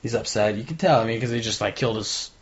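Here the man talks fast at a medium pitch, a podcast co-host breezily recapping a TV episode. He brings lots of energy and acts out what the characters say, though the audio comes across as dull lo-fi.

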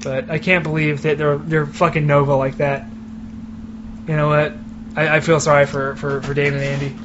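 A man's voice: fairly high pitch, little pitch movement, normal speed. A man co-hosting a podcast in casual chat, ranting with heavy swearing. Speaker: podcast co-host. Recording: muffled recording with clear background noise.

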